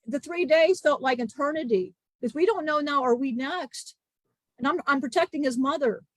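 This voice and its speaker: Woman channeling old disciple spirit guy, earnest and grieving, stops and restarts a lot, kinda high, dry sound. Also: no echo, lightly acted. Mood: solemn. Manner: halting, emotional storytelling with many restarts.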